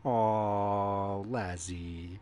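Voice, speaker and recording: A man's voice: lowish voice, fairly even intonation, very slow, darkish tone, slight background noise. A laughing, playful male podcast host. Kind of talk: casual podcast chat.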